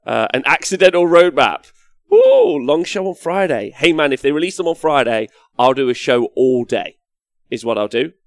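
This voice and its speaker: A young man chats on a casual live stream as he paints, reading chat messages aloud and getting loudly excited. His voice has a gravelly edge. The sound is close and dry, with no room around it. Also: medium pitch, moderate pace, dry recording. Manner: excitable, swears, reads out chat comments. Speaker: livestream host.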